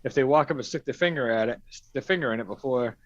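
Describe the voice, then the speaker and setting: A man's voice: medium pitch, fast, no echo. A man hosting a casual stream chat, rambling through stories with a lot of swearing and laughing. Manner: rambling, profane storytelling with frequent laughs. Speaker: stream host. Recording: dull, dry stream audio.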